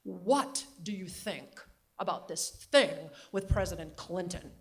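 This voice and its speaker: A woman voicing a regal, brisk older woman with a clipped New England Katharine Hepburn accent. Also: fairly low pitch. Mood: matter-of-fact. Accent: New England, Katharine Hepburn style.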